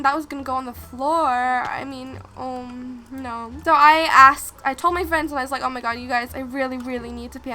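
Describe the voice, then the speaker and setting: A woman's voice: sits high, sharp tone, a little hiss or hum. A woman vlogger telling a story in a chatty, rambling way with lots of restarts while playing a game. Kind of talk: casual storytime while gaming.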